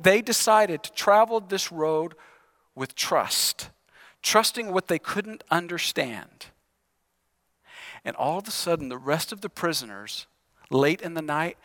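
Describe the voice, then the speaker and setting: A male pastor delivers an animated sermon in a notably high voice. He asks the congregation to read verses aloud with him.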